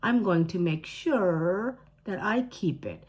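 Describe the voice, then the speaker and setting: A woman voicing a sly, cruel cat who has taken a girl's body, speaking slowly with purring menace. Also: medium pitch, animated, a little mellow, breathy edge. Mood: smug. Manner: slow, drawn-out purring menace.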